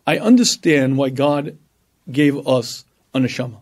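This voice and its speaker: A man giving a religious lecture, telling stories with animation and acting out voices, often clearing his throat. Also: medium pitch, lively intonation, a little slow, a little mellow. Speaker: rabbi and lecturer. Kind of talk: Torah lecture.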